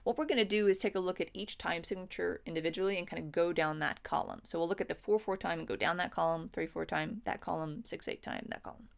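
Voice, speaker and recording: A woman's voice: lowish voice, quick pace, gravelly, hardly any pauses. Patient woman teaching music theory. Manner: patient, counts beats aloud and checks in with "okay?". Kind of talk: instructional lesson.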